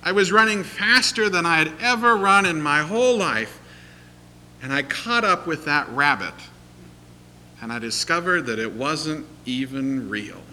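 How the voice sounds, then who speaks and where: A man preaching, voicing a polite, friendly talking greyhound that once raced, with his pitch lifted. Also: animated, unhurried, sharp tone, a little hiss or hum, exaggerated voice. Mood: rueful. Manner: cheerful, courteous, finally rueful.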